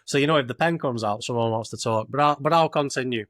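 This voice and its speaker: A man's voice: mid-range voice, quick pace, a bit bright, no echo, clean studio sound. A young man with a Lancashire accent, co-hosting a podcast and telling a long, rambling story in casual northern dialect. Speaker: podcast co-host.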